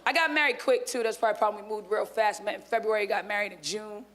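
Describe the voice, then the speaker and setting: A woman's voice: mid-range voice, steady tone, fast talker, a bit bright. A woman in her thirties doing a stand-up set on a club stage, with brash, crude and profane punchlines. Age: 30s. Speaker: stand-up comedian.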